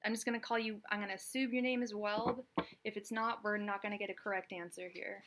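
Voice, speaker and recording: A young woman hosting a live tarot stream, hurried and distracted as she talks to viewers, murmuring low incantations over the cards from a small room at home. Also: steady tone, fairly bright tone. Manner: hurried and distracted, pausing to talk to her dog.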